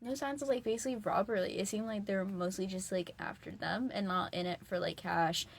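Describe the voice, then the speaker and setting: A woman's voice: medium pitch, a little fast, creaky, slightly rough. A young woman from Massachusetts co-hosting a podcast in a small studio, chatting and laughing as she explains a case. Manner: chatty, laughing, acts out quoted voices. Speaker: podcast co-host. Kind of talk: casual chat.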